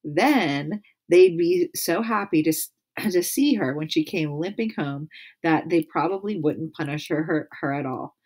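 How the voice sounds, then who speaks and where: Storybook reader, woman, low-pitched, reads aloud with asides. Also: expressive, unhurried, darkish tone, slightly rough. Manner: laughs and adds comments between passages. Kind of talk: reading a children's book aloud.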